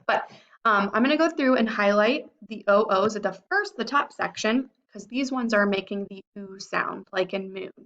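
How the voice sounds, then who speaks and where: A young woman teaching a phonics lesson to young children, sounding out word parts slowly and clearly. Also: mid-range voice, dull audio. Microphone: computer microphone.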